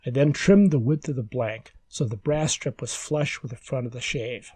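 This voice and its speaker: A man giving calm, measured, step-by-step woodworking instructions as a scripted voice-over. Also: medium pitch, slightly rough, no room sound.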